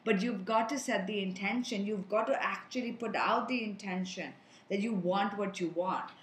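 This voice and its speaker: A woman speaks earnestly to her viewers, offering spiritual advice in a steady, mid-pitched voice. Her words ring out in a noticeably echoey room. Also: moderate pace, slight background noise. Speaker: energy reader and healer. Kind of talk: spiritual energy reading to viewers.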